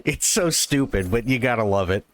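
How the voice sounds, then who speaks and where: A man streaming a game live, telling a joke in a quick, animated way. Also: mid-range voice.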